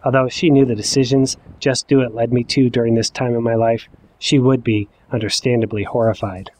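A man in his forties telling a personal story in the first person, with wry, self-mocking, deadpan asides. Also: medium pitch, brisk. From Ohio. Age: 40s. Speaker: narrator.

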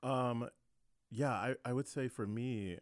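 A man co-hosting a podcast in casual conversation, halting and often repeating words. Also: mid-range voice, dry recording, studio quality.

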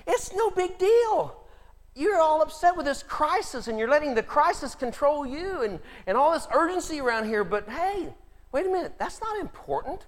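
Lively high-voiced male pastor. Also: in a large hall. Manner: animated storytelling, acts out Bible characters. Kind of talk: sermon.

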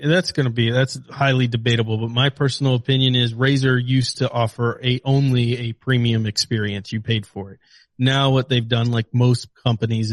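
A man's voice: mid-range voice, no echo. A man co-hosting a podcast, talking tech in a rambling, opinionated way with lots of fillers. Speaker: podcast co-host. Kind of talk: casual tech chat.

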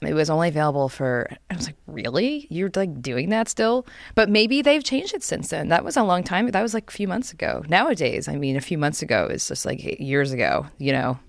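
A young woman co-hosting a podcast, chatting casually and telling animated stories, acting out quotes with quick laughs. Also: sits low, creaky, no room sound, studio quality. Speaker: podcast co-host. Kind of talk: casual chat.

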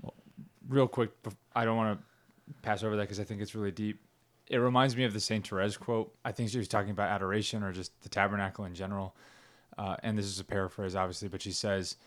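A man's voice: on the low side, little pitch movement, fast talker. A man in casual conversation, reflecting on faith and paraphrasing passages from a book. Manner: reflective, reads quotes aloud.

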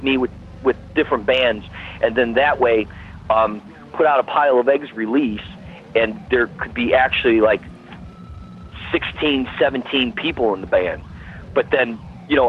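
Over a tinny phone line, a guest musician with a medium-pitched voice chats casually, rambling and repeating himself. There's slight background noise.

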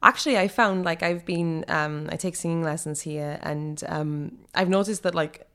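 A woman in her twenties with a Welsh accent, chatting casually as an interview guest, quick and full of fillers, laughing often. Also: deep voice, a bit bright, clean tone. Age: 20s. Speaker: guest, actor and singer.

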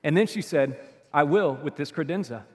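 Male pastor, sermon storyteller, drops to near-whispers then booms; long church-hall reverb. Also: expressive, brisk. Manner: storytelling with swings between hushed and loud.

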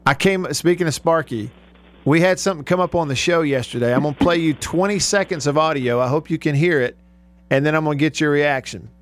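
A man's voice: a little high, a little fast. A man hosting a radio show, talking in an easygoing way and laughing often. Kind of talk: casual radio chat.

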